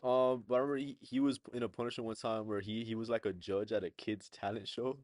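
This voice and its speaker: A young man co-hosting a podcast, chatting casually in relaxed slang with quick bursts and frequent chuckles. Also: fairly low pitch, no room sound. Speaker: podcast co-host. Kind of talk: casual chat.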